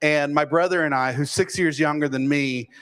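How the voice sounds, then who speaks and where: Guy telling a funny story about himself, bit high voice, dry comic timing. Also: normal speed. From Fort Worth, Texas. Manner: self-deprecating, deadpan comic timing. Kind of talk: humorous personal storytelling.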